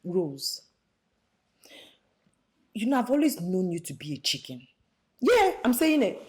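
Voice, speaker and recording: Sneering Nigerian hustler, animated pitch, mid voice. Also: female voice, unhurried. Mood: taunting. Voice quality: sneering, mixes English and Pidgin. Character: mocking, taunting young woman hustler.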